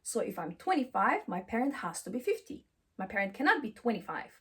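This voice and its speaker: A woman's voice: medium pitch, big pitch swings, a little fast, fairly bright tone, husky. A woman giving a motivational self-help talk, emphatic and affirming, who repeats encouraging phrases and speaks English with slightly non-native grammar.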